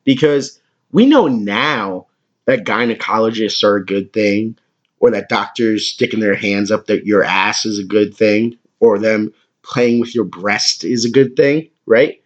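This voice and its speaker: A man in his twenties hosting a comedic podcast, with a crude, excitable way of talking and a lot of swearing. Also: lowish voice, a little slow, highs cut off. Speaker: podcast host.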